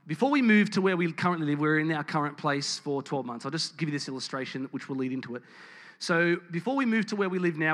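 Man, church sermon, candid storytelling, fillers and restarts, slightly high voice. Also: a bit bright. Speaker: church preacher and teacher. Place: church building with congregation.

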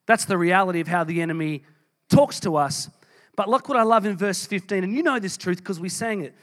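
A man's voice: sits high, fairly quick, a bit bright. A man preaching a sermon, reading scripture and speaking with strong emphasis. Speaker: pastor.

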